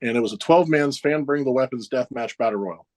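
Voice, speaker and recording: A man's voice: mid-range voice, brisk, a little mellow. A man in his forties, a professional wrestler guest, casually telling backstage stories in an interview, chuckling often and acting out other people's lines.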